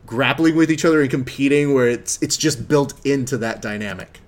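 A man hosting a casual podcast interview, easygoing and quick to laugh. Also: mid-range voice. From married man. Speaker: podcast host.

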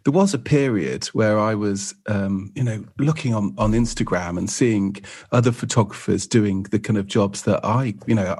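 A man's voice: fairly low pitch, normal speed, hardly any pauses, darkish tone, slightly rough. A man, a photographer guest on a podcast, chatting in a rambling way with lots of fillers. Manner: rambling, lots of "you know". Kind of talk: casual podcast chat.

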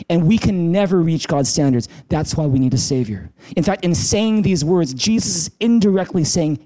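A male pastor preaching a sermon in a church, animated, often restarting words and asking the congregation questions. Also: on the high side, brisk, few pauses. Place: church in Vancouver.

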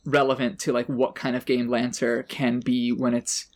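A man's voice: mid-range voice, little pitch movement, moderate pace. A man co-hosting a tabletop podcast, talking through a character backstory in a thoughtful, hedging way full of fillers. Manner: thoughtful, hedging, heavy use of "like". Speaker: podcast co-host and player. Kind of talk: casual tabletop character-building chat.

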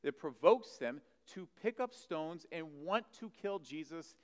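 A man preaching a sermon, animated, swinging from loud emphasis to soft asides. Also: fairly high pitch, measured pace. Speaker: pastor. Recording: long hall reverb.

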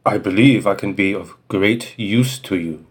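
A man's voice: on the low side, measured pace, breathy edge. A man playing a mysterious, laughing Frenchman on the phone, with a heavy, put-on French accent, in a comedic dramatic reading. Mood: smooth.

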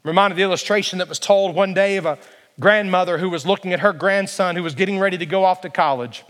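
A man's voice: high-pitched, fast talker, a bit bright, long reverb tail. A male pastor preaching a sermon emphatically, building to passionate peaks.

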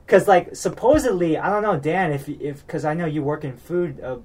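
A man's voice: fairly high pitch, animated, brisk, hardly any pauses, slight background noise. A man from the United States chatting casually, rambling with lots of fillers and restarts and getting worked up as he recaps a reality show.

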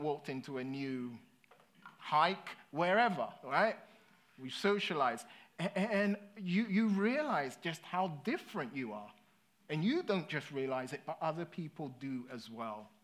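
A British man preaching a sermon in a conversational way, often checking in with his listeners. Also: a little high. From Britain. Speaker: pastor.

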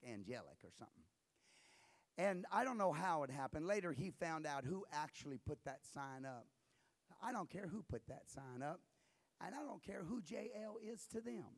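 A man preaching a sermon, moving between quiet storytelling and loud, shouted exhortation. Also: a little high. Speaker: pastor.

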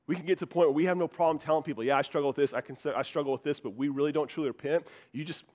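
Pastor, male, earnest conversational sermon, slightly higher voice. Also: steady tone, very fast, darkish tone. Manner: earnest, conversational preaching with frequent restarts.

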